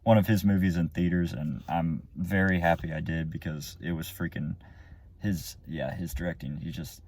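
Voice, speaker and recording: Low, dark-voiced man rambling a movie review. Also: fairly even intonation, moderate pace. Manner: rambling, with many fillers and restarts. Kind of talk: casual spoken review. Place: car or room after the movie.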